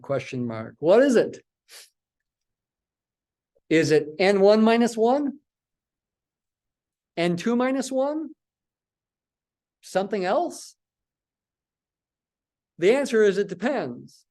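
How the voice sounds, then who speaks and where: A man with a high, darkish voice teaches a statistics lecture, repeating words for emphasis and asking and answering his own questions. It is a recorded math lecture.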